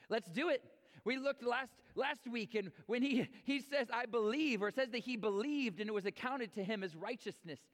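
High-voiced pastor preaching in a hall. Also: male voice. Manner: reads scripture, then preaches with energetic repeats. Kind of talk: sermon. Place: church sanctuary.

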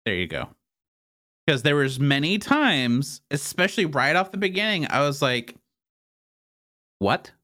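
A man hosts a relaxed podcast chat, easygoing and a little halting as he gathers his thoughts. His voice is dry and close, with no room around it. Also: a little high, dry recording. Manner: easygoing, repeats words when starting thoughts. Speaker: podcast host.

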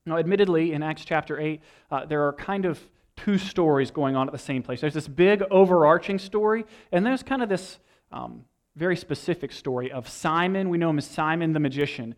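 A young adult man preaching a sermon, telling a story with lively energy and acting out lines from a movie. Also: a little high, brisk. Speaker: pastor.

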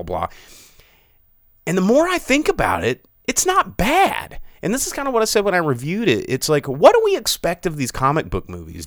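A man's voice: medium pitch, fairly bright tone, no echo, studio quality. A man hosting a live podcast, talking casually and sarcastically about movies. He often slips into mocking voices to imitate other people. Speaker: podcast host.

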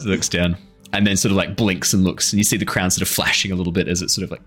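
A man narrating as game master, animated and laughing as he voices figures. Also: low voice, quick pace, loud music behind the voice.

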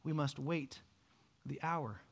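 A man preaching a sermon, animated, dropping to a hush and then rising loud as he acts out the people in the story. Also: on the high side, slow, vocal fry, husky. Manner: animated, swings from hushed to loud, acts out quoted voices. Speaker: pastor.

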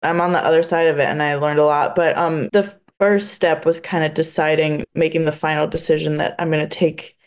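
A young adult woman talking candidly as a podcast guest, earnest and halting, full of restarts, and at times close to tears. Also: deep voice, level tone, clear, resonant tone. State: emotional, near tears at times. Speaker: podcast guest, blind adaptive athlete. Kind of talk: candid interview conversation.

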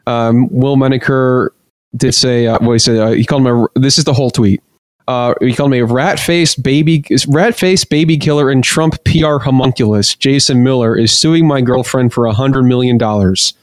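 A man hosts a comedy podcast in a loose, joking way, stumbling through news items with lots of "uh"s. His voice sits in an ordinary middle pitch and is recorded close and dry. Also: normal speed, no echo. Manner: jokey, reads news items aloud with many fillers. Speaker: podcast host. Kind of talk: casual comedy podcast chat.

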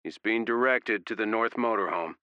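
A man voicing a tense lookout who gives slow, clipped status reports. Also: on the low side, pushed and bright, clean tone, dry recording, lo-fi sound. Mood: tense reporting. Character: tense male lookout watching monitors.

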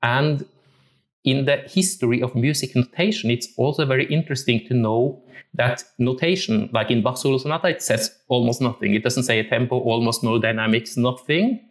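A man's voice: medium pitch, normal speed. A man from Norway, a music teacher giving a thoughtful talk and often searching for his words. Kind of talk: reflective talk on musical interpretation.

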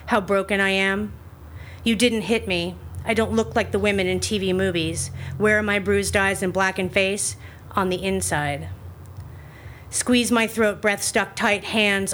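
A woman at a live reading show reading aloud an old personal letter in a steady, intense way, after a hesitant spoken introduction. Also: mid-range voice, slight background noise.

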